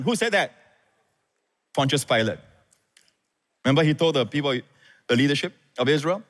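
A male pastor preaching a sermon, telling a scripture story and leaping up in pitch and volume when he quotes the characters. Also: fairly quick, long pauses. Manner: animated, rises high and loud when quoting scripture. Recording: echoey hall with long reverb.

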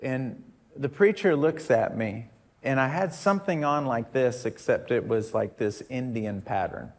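A man delivers a sermon to a congregation in a church. He preaches like he is telling a story, talking plainly, then repeating key phrases for emphasis. His pitch sits in the middle range. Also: measured pace, vocal fry, a little mellow. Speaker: pastor.

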